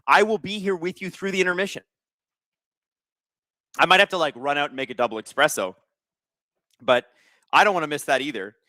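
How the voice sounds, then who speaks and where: A man's voice: on the high side, brisk, long pauses, sharp tone, no echo. A young man hosting a live watch-along stream, chatting casually and reading out viewer comments with jokes. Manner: chatty, reads viewer comments aloud, joking. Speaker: livestream host.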